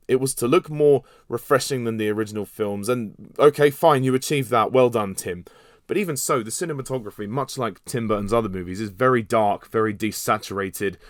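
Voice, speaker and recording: A man's voice: mid-range voice, no room sound, studio quality. A young man hosting a podcast, delivering a sweary, exasperated rant reviewing a film. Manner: exasperated, sweary, animated rant with bursts of laughter.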